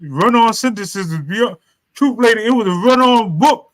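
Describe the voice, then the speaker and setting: A man's voice: high-pitched, expressive, a little slow, low-quality recording. Slangy New man telling his story. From New York. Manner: loose and rambling, with street slang and restarts. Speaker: author and live stream host. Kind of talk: casual storytelling on a live stream.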